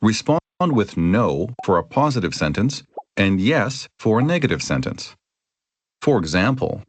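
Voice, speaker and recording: Low, lively man reading a lesson. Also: a little slow, slight background noise. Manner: clear, even instructional delivery with acted example lines. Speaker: lesson audio narrator. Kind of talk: scripted grammar lesson reading.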